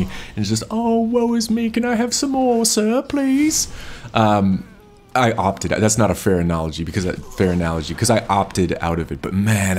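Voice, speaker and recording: A man's voice: low-pitched, slight background noise. A man hosting a solo chat in a freeform, rambling style. He sounds sleepy and a little stuffy, restarts his sentences often and swears casually. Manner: rambling, self-interrupting, casually profane.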